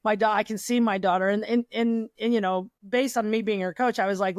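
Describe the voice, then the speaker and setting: A middle-aged woman hosting a podcast, a former pitcher and coach, telling rambling, lively stories with quoted dialogue in casual chat. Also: brisk, few pauses, no room sound, clean studio sound.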